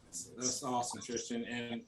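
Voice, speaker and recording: A man leads a youth leadership workshop in a conference room, coaching speakers and drawing call-and-response from the group. His voice sits in a middle pitch. A heavy wash of noise runs under the whole recording. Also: monotone, normal speed. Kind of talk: motivational workshop talk. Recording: loud background noise.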